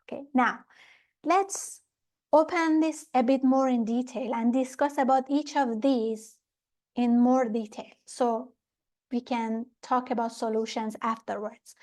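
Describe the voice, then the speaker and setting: Higher-voiced woman teaching meditation. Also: fairly even intonation, a little slow, darkish tone. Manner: explanatory, checks in with listeners. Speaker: meditation workshop instructor. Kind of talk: spiritual teaching talk.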